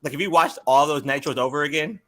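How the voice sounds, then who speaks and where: A man's voice: a little high, fast, pushed and bright. A man in a casual group chat, earnestly explaining his point. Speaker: watch party guest.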